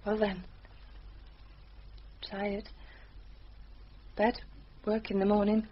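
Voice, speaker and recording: An actress playing a restless young village wife, guarded and falsely polite. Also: female voice, medium pitch, level tone, drawn-out words, slightly rough, highs cut off.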